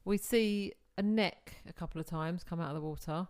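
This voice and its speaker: A woman's voice: on the low side, normal speed, a little mellow. Frank woman co-hosting a podcast. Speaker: podcast co-host. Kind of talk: casual chat.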